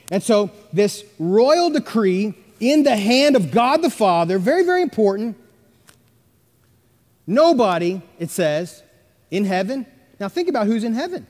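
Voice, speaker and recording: High-voiced preacher in an echoing church. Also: male voice, sing-song, unhurried. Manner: emphatic, swings between loud and hushed. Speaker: pastor. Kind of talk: sermon. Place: church sanctuary. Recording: long church reverb.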